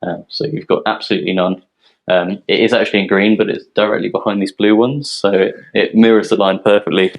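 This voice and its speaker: A man from a yeast company presenting technical details in a relaxed, explanatory way, with frequent ums. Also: lowish voice, brisk, rough recording. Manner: explanatory, filler-heavy, relaxed.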